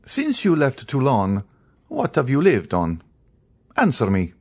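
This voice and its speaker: A man's voice: mid-range voice, wildly swooping pitch, a little slow, pitched above the performer's own voice, exaggerated voice. A man voicing a stern, imperious middle-aged priest who interrogates with authority.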